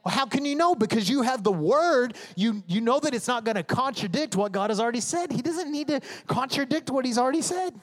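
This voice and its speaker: Briskly and with few pauses, a male pastor gives an expressive sermon from the stage in a high, bright voice. It rings through the reverberant sanctuary as he talks emphatically and conversationally, mimicking his congregation's voices and prayers.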